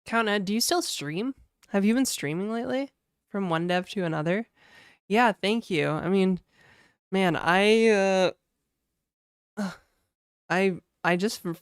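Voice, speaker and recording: A woman's voice: medium pitch, clean tone, no echo, clean studio sound. A woman game developer streaming and chatting casually, laid-back and talkative, often laughing and saying "like" and "dude". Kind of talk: casual livestream chat.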